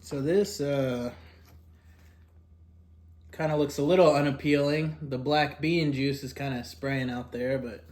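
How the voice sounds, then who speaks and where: A young man talking casually about fast food in an eating vlog. He rambles, fills pauses with "like" and "kinda", and talks while eating. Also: mid-range voice, steady tone, a little hiss or hum. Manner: rambling, filler-heavy, drifting softer and louder. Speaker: food vlogger.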